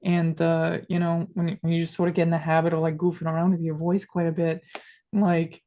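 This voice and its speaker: A woman's voice: lowish voice, little pitch movement, a little fast, warm tone. A woman guest on a podcast, chatting casually and rambling with constant "like" fillers in a playful way. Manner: playful, switches between voices. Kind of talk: casual interview chat.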